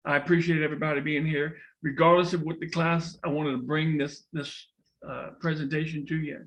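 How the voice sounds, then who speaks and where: A man's voice: fairly high pitch, little pitch movement, brisk, fairly bright tone. A middle-aged man giving an earnest storytelling speech to a class, with many restarts. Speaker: speaker in a public speaking class.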